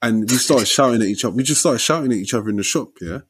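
A young man telling a story in casual chat, lively and slangy, ending lines with "innit" and "yeah". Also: medium pitch, very fast, breathy edge.

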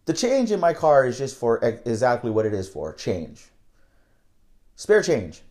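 A man's voice: medium pitch, huge pitch swings, unhurried, a little mellow. A young man telling a casual, candid story about his night-shift work, rambling and swearing freely.

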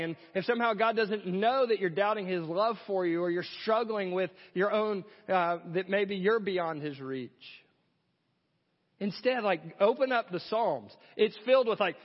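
High-voiced man preaching a sermon. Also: moderate pace, in a large hall, muffled recording. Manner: earnest preaching with rhetorical questions. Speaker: pastor.

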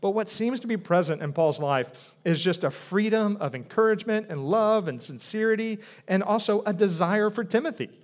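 A man's voice: high-pitched, expressive, normal speed, hardly any pauses. A man in his thirties, a pastor, preaching in an earnest, conversational way with many restarts. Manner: earnest, conversational, with frequent restarts and a soft drop for quoted speech. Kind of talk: sermon.

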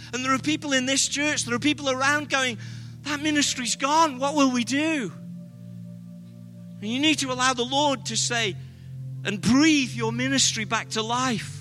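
High, bright-voiced English preacher. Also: male voice, moderate pace, soft background music. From Britain. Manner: humorous, self-deprecating anecdotes. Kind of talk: sermon with storytelling.

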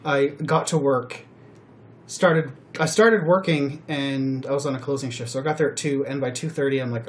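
A man hosting a podcast, telling personal stories in a rambling, animated way with many fillers. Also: mid-range voice, normal speed, slight background noise. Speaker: podcast host. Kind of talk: casual chat.

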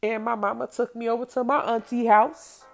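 Woman, gravelly voice, blunt, profane, personal storytelling, faint music behind. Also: a little high, flat delivery, normal speed.

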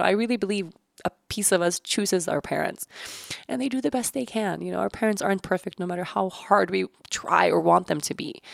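Gravelly-voiced woman podcast host. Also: mid-range voice, darkish tone, no room sound, studio quality. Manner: candid, swears casually, laughs often, acts out quotes. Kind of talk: personal reflective podcast monologue.

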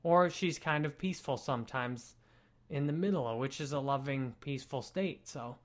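A young man talking to camera at home in a calm, earnest and gently explanatory way. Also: mid-range voice, normal speed. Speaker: spiritual vlogger. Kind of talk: reflective talk to camera.

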